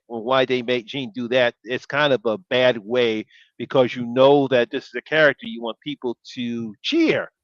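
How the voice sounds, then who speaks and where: A male host talks through a casual live stream in a calm, measured way, leaning on "uh" fillers as he thinks. His voice comes through dull and lo-fi, with a very dry sound and no room around it. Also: mid-range voice, no echo. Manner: calm, measured, with frequent "uh" fillers and agreeing murmurs. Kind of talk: casual chat. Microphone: video call.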